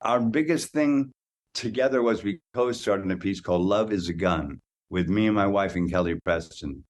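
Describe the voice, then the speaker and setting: A man in his sixties, a guest on an interview podcast, telling anecdotes in a lively way and often repeating words as he goes. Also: fairly low pitch, normal speed. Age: 60s. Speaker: guest actor. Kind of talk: casual interview storytelling.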